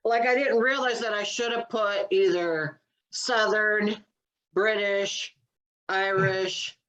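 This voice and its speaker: A woman's voice: mid-range voice, takes it slowly, a bit bright. A woman co-hosting a comedy podcast, chatting casually and rambling with lots of fillers. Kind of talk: casual chat.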